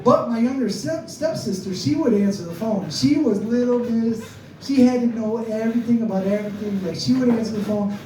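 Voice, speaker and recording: A man's voice: very high-pitched, a little fast, mellow, slight background noise. A man telling a comic story to a live crowd, chatty and self-mocking, often laughing through his lines. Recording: echoey room, mic far off.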